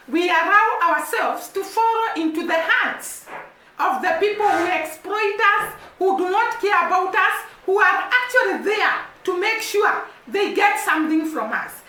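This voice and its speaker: High bright Kenyan woman vlogging. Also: roomy sound. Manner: earnest, repetitive, rising emphasis. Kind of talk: casual to-camera commentary. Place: home room with a baby crying nearby.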